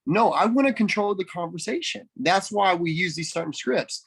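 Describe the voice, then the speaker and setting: A man leading a team call, coaching in an energetic, emphatic way and repeating phrases for stress. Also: high voice, moderate pace, hardly any pauses, husky. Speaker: network marketing team leader. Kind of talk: coaching talk on a group call.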